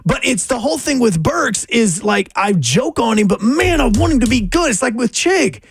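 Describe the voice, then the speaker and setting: A man hosting a sports radio show, reading out stats and taking calls in a chatty manner that gets excited easily. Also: extremely high pitch, gravelly, slightly rough. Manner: chatty, reads stats and takes calls, quick to get excited. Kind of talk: casual sports radio chat.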